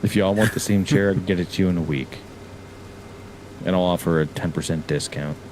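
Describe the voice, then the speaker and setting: A man's voice: low-pitched, a little fast, background noise. A man in his thirties chatting casually while gaming, with dry, easygoing banter.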